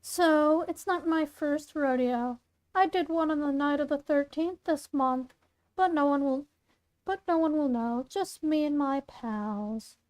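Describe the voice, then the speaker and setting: A woman's voice: high voice, unhurried, a little mellow. Claire, a woman doing a murderous monster girl. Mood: menacing. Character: murderous young monster girl, lonely outcast. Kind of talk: reading a fan story aloud, doing voices.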